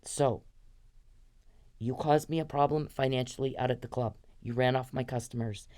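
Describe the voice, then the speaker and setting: In a warm bass voice with fairly even intonation and a moderate pace, a woman in her fifties uses her podcast to angrily accuse one person outright, cursing as she speaks to them directly.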